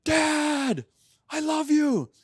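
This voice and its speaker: A man voicing an excited teenage boy calling his dad late at night, gushing and shouting with joy. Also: extremely high pitch, drawn-out words, no echo, studio quality, pitched above the performer's own voice, full character voice. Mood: overjoyed.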